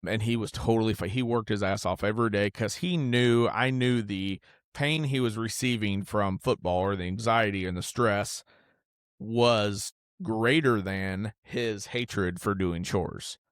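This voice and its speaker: A man with a lowish voice talks through a solo podcast, candid and rambling as he drifts between stories. He swears freely and keeps it casual. The sound is dry and close, with no room around it. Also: a little slow, no echo. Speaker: podcast host.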